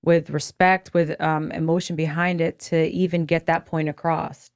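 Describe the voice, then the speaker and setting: A woman in a casual podcast chat, speaking in a measured way with drawn-out phrasing. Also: sits low, flat delivery, clean tone, no room sound, studio quality. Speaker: podcast guest.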